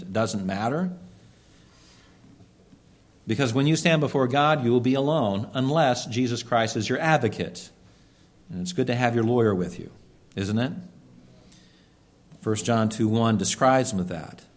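A man preaching a sermon, earnest and emphatic, slowing down to stress key words. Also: medium pitch. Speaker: pastor.

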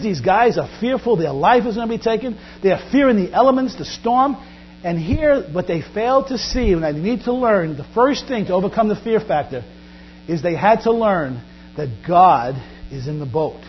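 High-voiced preacher with big dynamic swings. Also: male voice, lively intonation, normal speed. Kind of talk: sermon. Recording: dull lo-fi recording with mains hum.

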